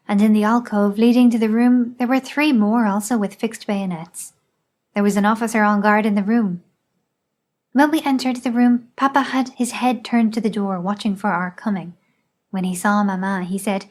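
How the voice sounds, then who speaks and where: Woman, audiobook narration, measured, even, mid-pitched. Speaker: audiobook reader. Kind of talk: scripted narration.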